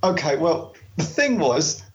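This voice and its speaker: A man chatting casually as a podcast co-host, animated and quick to laugh. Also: fairly high pitch, lo-fi sound. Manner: chatty, animated, laughs easily, slows down for a careful read-aloud. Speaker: podcast co-host and travel author.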